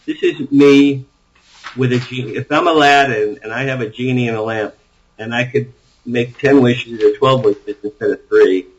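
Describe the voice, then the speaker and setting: A man speaks as an interview guest, eagerly laying out ideas in long runs and restarting his sentences as he goes. His voice sits at a middle pitch for a man. The audio is dull and lo-fi. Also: fairly even intonation, moderate pace. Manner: enthusiastic, rambling storyteller with frequent restarts. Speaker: author guest. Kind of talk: interview conversation.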